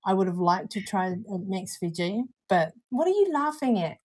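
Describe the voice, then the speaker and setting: A woman's voice: mid-range voice, big pitch swings, moderate pace, a little mellow, breathy edge, poor audio. A young woman with a New Zealand accent, co-hosting a casual live-stream review in a chatty, easygoing way. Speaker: co-host reviewing vape juice.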